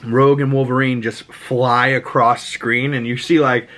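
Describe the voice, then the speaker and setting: Boston-accented male podcast host, mid-pitched, loose and profane recap style. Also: moderate pace. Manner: rambling, animated, swears, acts out lines. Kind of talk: casual show recap.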